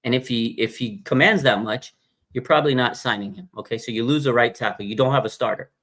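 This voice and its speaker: Slangy, animated fan-show host, man. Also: mid-range voice, fast talker. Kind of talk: casual live-stream sports chat.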